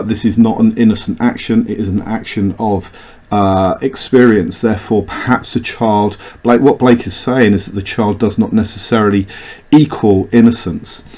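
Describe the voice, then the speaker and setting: A man's voice: on the low side, darkish tone, lo-fi sound. A man teaching English literature in a recorded lecture, explaining a poem with many "uh" fillers and restarts.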